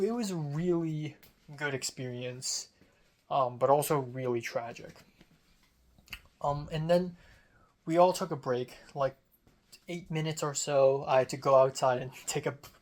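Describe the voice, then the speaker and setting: A man's voice: medium pitch, measured pace, long pauses. A young man telling about his day in a casual diary vlog, rambling with many fillers and restarts. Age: young adult. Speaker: vlogger.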